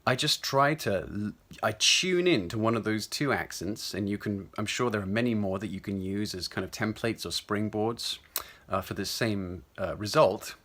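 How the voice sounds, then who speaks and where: A man with a standard English accent talks through a voice lesson in a conversational, explanatory way. His pitch sits somewhat low, and he often restarts a phrase or adds an aside mid-thought. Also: moderate pace, a bit bright. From South Wales. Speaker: voice coach. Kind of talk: instructional talk to camera.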